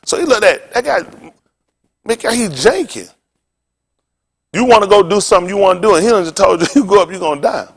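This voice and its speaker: A male pastor preaching a sermon in animated, informal street talk, throwing questions back to the congregation. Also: high voice, brisk, gravelly, long pauses.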